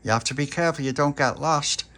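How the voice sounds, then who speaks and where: A man's voice: fairly high pitch, quick pace, pushed and bright, voice pushed up. A man voicing a jokey little boy neighbour, telling a children's story. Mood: teasing.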